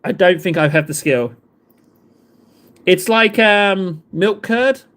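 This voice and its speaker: A man's voice: sits high, slow, fairly bright tone. A man, chatting casually with live viewers in a rambling, self-deprecating way. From England. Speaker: livestream host.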